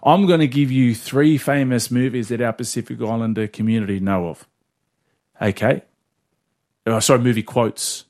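A man co-hosting a casual sports podcast, playful and quick to laugh as he quizzes his partner. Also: mid-range voice, darkish tone. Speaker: podcast co-host.

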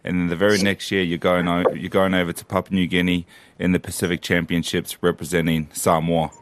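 A man's voice: sits low, little pitch movement, brisk, a little hiss or hum. A man co-hosting an interview, affirming the guest as he asks his questions. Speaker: podcast co-host. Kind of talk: casual interview.

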